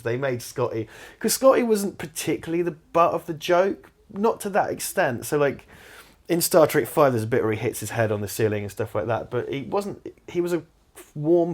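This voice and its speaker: A young man co-hosting a casual film commentary, animated and opinionated, swearing freely. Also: medium pitch. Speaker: podcast co-host.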